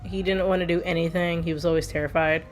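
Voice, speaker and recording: A woman's voice: lowish voice, steady tone, fast talker, soft background music. A woman streamer rambling casually while playing a video game, laughing often as she talks. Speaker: let's play streamer. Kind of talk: casual gameplay commentary.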